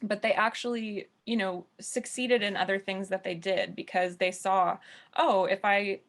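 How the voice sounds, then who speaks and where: A woman's voice: medium pitch, level tone, moderate pace. A woman from the United States, a jazz musician, speaking candidly on an online panel discussion over a video call. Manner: earnest, candid storytelling.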